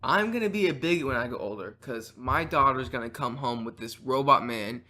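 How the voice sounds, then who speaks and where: A man's voice: mid-range voice, animated, fairly quick, bright, forceful tone. A teenage boy hosting a casual podcast chat, playful and argumentative, rambling through hypotheticals. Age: teens. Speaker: podcast host.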